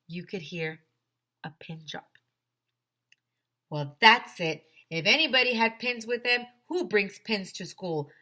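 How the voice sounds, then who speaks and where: Animated woman reading a children's storybook. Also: on the low side. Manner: animated, lots of character voices. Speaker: teacher reading aloud. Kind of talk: children's storybook read-aloud.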